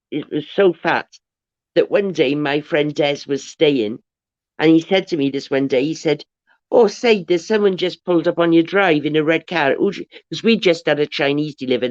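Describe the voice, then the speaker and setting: A woman's voice: deep voice, darkish tone, no room sound. A woman hosting a livestream, telling long rambling stories in casual chat with frequent restarts. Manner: chatty storyteller, rambling with restarts. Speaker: livestream host. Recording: dull lo-fi dry livestream audio.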